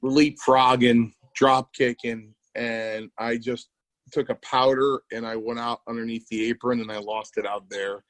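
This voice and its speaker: This podcast co-host, a former wrestler, spins casual, rambling tales full of restarts and quoted lines from others. His mid-range voice is level, fairly bright and moderately paced, recorded with no echo and poor audio quality.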